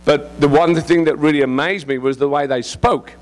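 A man's voice: on the high side, steady tone, moderate pace. A middle-aged English man, a visiting missionary preacher giving an informal sermon, joking and rambling as he goes. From England. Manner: joking, rambling, laughs often.

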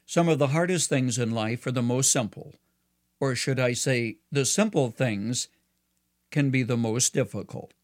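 A man delivering a scripted devotional radio commentary in an earnest, measured and persuasive way. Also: mid-range voice.

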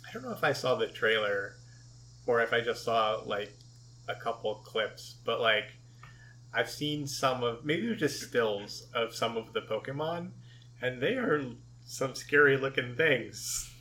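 A man co-hosting a podcast, chatting casually, with frequent chuckles and halting restarts. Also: medium pitch, sharp tone. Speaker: podcast co-host. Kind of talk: casual chat.

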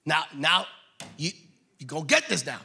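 A man preaching a sermon, acting out the scripture voices and shouting for emphasis. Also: fairly high pitch, lively intonation, normal speed, vocal fry, slightly rough. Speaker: pastor.

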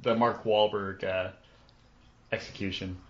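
A man's voice: on the low side, level tone, a little slow. A man hosting a podcast, talking hesitantly with stammers and restarts. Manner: hesitant, stammering, laughs along. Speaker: podcast host. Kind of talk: casual podcast chat. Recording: dull lo-fi podcast audio.

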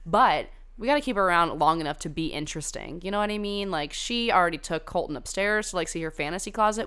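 A woman's voice: fairly low pitch, lively intonation, fast talker, few pauses, fairly bright tone, clear, resonant tone. A young woman hosting a casual chat, gossiping about reality TV contestants in a chatty, profane way full of "like" and side tangents. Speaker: podcast host reviewing a reality dating show.

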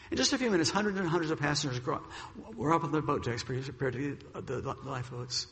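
A male preacher tells a dramatic story from the pulpit, his slightly high voice gravelly and his delivery brisk. He recorded in a reverberant church hall that leaves a long echo behind each phrase. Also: a bit bright. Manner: dramatic storyteller, acting out the characters' lines. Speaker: pastor. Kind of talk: sermon storytelling.

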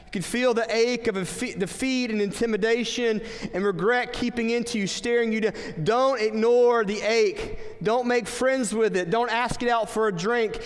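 Guy doing a yelling basketball coach at halftime, scolding his team, high pitched, long echo. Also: steady tone, normal speed, few pauses. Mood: fierce. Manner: barking, scolding pep talk. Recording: long hall reverb.

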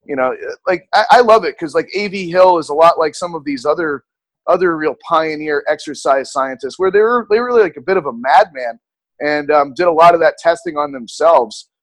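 A young man talking as a podcast guest, relaxed and casual, filling his speech with "like" and "you know". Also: a little high, moderate pace, no room sound. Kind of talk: casual interview chat.

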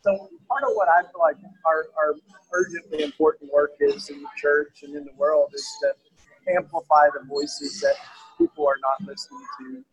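A man from East Tennessee, a guest in an interview, talking earnestly and haltingly with many restarts. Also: fairly high pitch, creaky, slightly rough, poor audio. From East Tennessee, USA. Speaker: guest author. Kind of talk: casual conversational interview.

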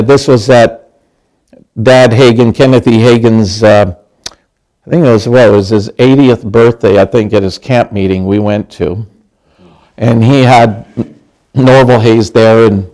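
A man's voice: mid-range voice, darkish tone, rough recording. A middle-aged male pastor preaching a conversational sermon, chatty, with many restarts and questions to the congregation.

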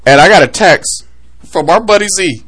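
A man's voice: high-pitched, normal speed. A man hosting a podcast, delivering a heated, comedic rant about sports coverage with lots of energy. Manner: animated, heated ranting. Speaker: podcast host.

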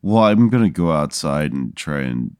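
A male comedian guest answering an improvised scenario in a halting, hesitant way, laughing often. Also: extremely low pitch, animated, a little mellow, clean tone, no room sound, studio quality. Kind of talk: casual improvised chat.

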